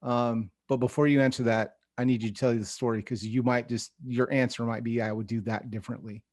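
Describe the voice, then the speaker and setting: A man's voice: medium pitch, steady tone, fairly quick, darkish tone, no room sound, clean studio sound. A man hosting a podcast, telling a rambling story and laughing through his lines. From California. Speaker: podcast host. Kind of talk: casual podcast chat.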